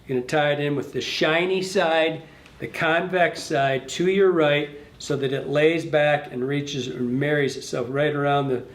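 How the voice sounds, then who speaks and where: A man's voice: a little high, steady tone, moderate pace, echoey room. Rambling man teaching fly tying. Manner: rambling, self-correcting, talks to the fly as he works. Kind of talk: casual hands-on tutorial. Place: fly shop tying bench.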